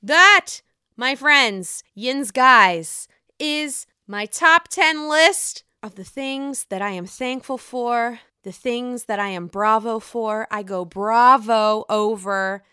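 Woman, casual gossipy chat, profane, excitable, bright crisp voice, dry close sound. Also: fairly high pitch, takes it slowly, dry recording. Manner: gushing, gossipy and profane, swings from mutters to excited outbursts. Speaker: reality TV commentator.

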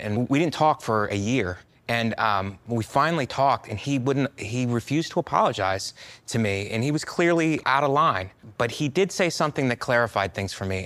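A middle-aged man doing a stand-up set, delivering jokes punchily with sudden loud rants, and dropping to a quiet, measured tone in reflective asides. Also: fairly low pitch. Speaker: stand-up comedian.

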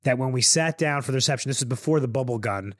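A man's voice: medium pitch, fast talker, dry recording, clean studio sound. A man in his thirties co-hosting a casual podcast, asking questions and laughing often. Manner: lively, laughs often, asks follow-up questions. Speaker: podcast co-host. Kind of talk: casual chat.

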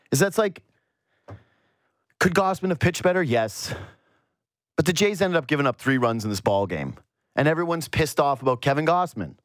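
A man hosting a solo sports talk show, ranting in an animated, exasperated way. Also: a little high, no echo, studio quality. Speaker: sports radio host.

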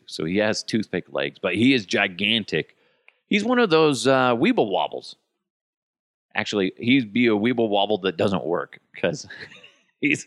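A man riffs through a profane comedic monologue, mocking coworkers one by one. His lowish voice swings widely in pitch, and the sound is close and dry. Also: a bit bright, dry recording. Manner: mocking, profane, breaks into impressions. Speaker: podcast host.

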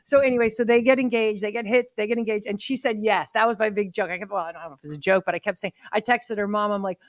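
A middle-aged woman chatting as a podcast guest, telling stories in an animated way and acting out what others said. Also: medium pitch, fast talker, no room sound, studio quality. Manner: chatty storyteller, animated quoting. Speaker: podcast guest, mother of the groom. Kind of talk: casual chat.

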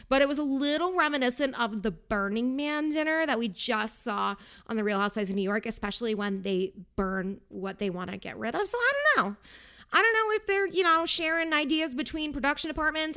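A woman's voice: a little high, a bit bright, clear, resonant tone. A woman chatting casually as she recaps a reality show, gossipy, with sarcastic asides.

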